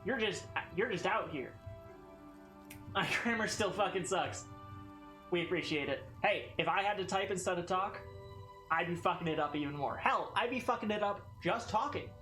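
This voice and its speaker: A woman with a Southern American accent chats casually with her viewers on a game stream. She rambles, swears freely and laughs often, and her voice sits fairly low. It sounds echoey, with faint music underneath. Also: lively intonation, normal speed, fairly bright tone. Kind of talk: casual gameplay stream chat.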